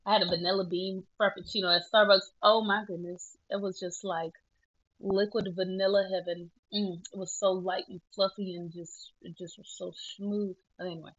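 Chatty woman, bright lo-fi voice. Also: mid-range voice, little pitch movement, normal speed, husky. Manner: chatty, self-mocking, laughing through tears. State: tearful at times. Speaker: vlogger. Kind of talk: casual selfie vlog.

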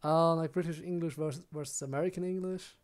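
Young male streamer, slightly high voice, loose chatty rambling, lots of restarts. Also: fairly even intonation, a little fast. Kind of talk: casual live-stream chat while gaming.

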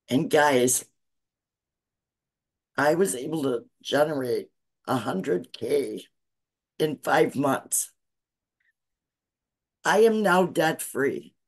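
A woman in her sixties on a video call, giving an earnest, teary testimonial and urging listeners to follow along. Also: very deep voice. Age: 60s. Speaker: guest student sharing success story. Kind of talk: emotional testimonial on a live call.

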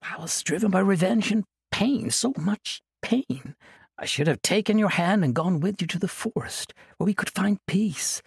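A man's voice: high-pitched, lively intonation, moderate pace, vocal fry, breathy edge, dry recording, clean studio sound, pitched above the performer's own voice, heavily acted. A man voicing a remorseful young male monk who speaks earnestly and in pain in an audiobook. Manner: earnest, pained, confessional. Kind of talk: audiobook character voice.

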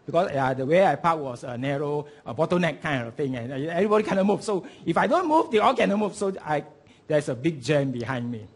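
A middle-aged man preaching a sermon, telling stories with lively swings between soft asides and loud, emphatic peaks. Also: a little high, brisk, slightly rough. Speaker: pastor.

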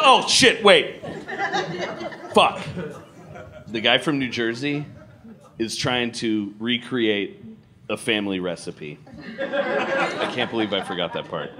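A man doing live stand-up in a large comedy club, animated and loud, swearing and riffing with the audience. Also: a little high. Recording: live club with crowd noise.

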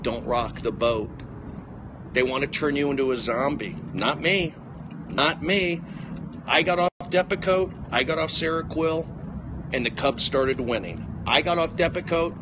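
A middle-aged man, a comedian livestreaming from his phone outdoors, ranting in agitated bursts that jump between loud outbursts and low mutters. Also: noisy background. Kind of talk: rambling livestream rant.

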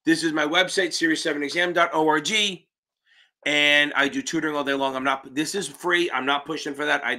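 A man's voice: on the high side, bright, forceful tone. A man hosting a live-stream Q&A as an exam prep tutor, talking in a brash, profane and blunt way, with emphatic interjections.

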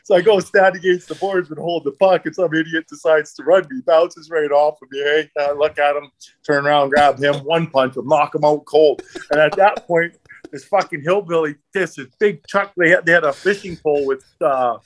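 A man's voice: a little high, moderate pace. Middle-aged guy swearing a lot, telling rink stories and doing everyone's lines. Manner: profane, laughing, acts out dialogue in anecdotes. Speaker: guest, former hockey enforcer. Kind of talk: casual storytelling.

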